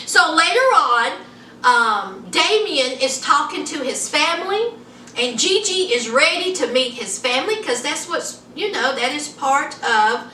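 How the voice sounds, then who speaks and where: A woman with a high, bright voice swooping all over as she gossips through a show recap with sassy asides to her viewers. She sits a bit back from the mic in an echoey room with a faint hiss behind her. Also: animated, unhurried, recorded from a distance. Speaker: TV show reviewer. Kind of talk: casual chatty recap.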